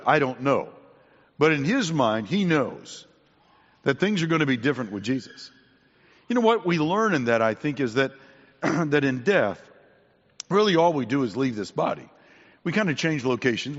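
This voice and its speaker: A man preaching a sermon, repeating his main points and often clearing his throat. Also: mid-range voice. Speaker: pastor. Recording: dull sound with long hall reverb.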